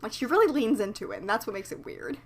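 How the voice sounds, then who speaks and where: A woman's voice: fairly high pitch, huge pitch swings, quick pace. A woman co-hosting a podcast in casual chat, sarcastic and joking, swearing freely. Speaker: podcast co-host. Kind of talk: casual chat recapping a cartoon.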